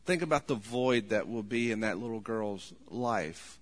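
A man preaching a sermon in an earnest tone, voice rising to loud pleading when he quotes. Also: lowish voice, animated, measured pace. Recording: long hall reverb.

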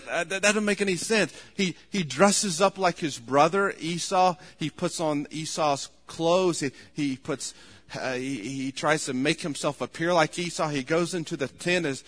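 A man preaching a sermon in an earnest tone, voice rising to loud pleading when he quotes. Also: fairly high pitch, measured pace. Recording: long hall reverb.

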